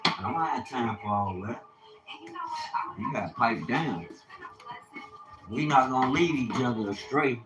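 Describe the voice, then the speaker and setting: A man chatting on a live stream in an animated, preachy, joking way, laughing often. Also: medium pitch, measured pace, pauses often, music in the background, poor audio. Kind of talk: casual live-stream chat.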